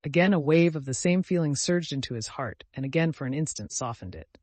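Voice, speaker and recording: A man narrating a classic novel as an audiobook, with a measured storytelling manner. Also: medium pitch, a little mellow, dry recording. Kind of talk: scripted narration.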